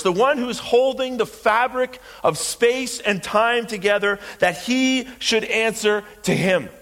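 A man's voice: sits high, fairly bright tone. Impassioned male preacher. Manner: impassioned, repeating phrases for emphasis. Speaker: pastor. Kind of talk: sermon.

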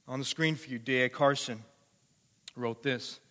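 A male pastor preaching a sermon, emphatic and repetitive, swinging from quiet to passionate. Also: medium pitch, fairly even intonation, unhurried, pauses often. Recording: echoey hall reverb.

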